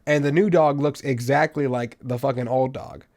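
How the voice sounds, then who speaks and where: A young man hosting a podcast, telling stories in a casual monologue that swings from loud outbursts to low mutters. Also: steady tone, moderate pace. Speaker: podcast host.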